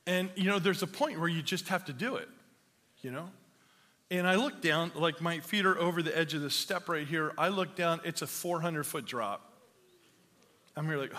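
A man's voice: on the high side, normal speed, sharp tone. A man preaching a sermon in a church hall, telling a funny story about himself and then building to emphatic preaching. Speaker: pastor.

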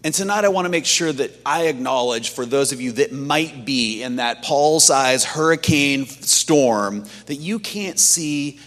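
A man preaching a sermon in a conversational, animated storytelling manner, acting out quotes from the stories he tells. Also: medium pitch, a little slow, few pauses. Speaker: pastor. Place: church sanctuary. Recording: long hall reverb.

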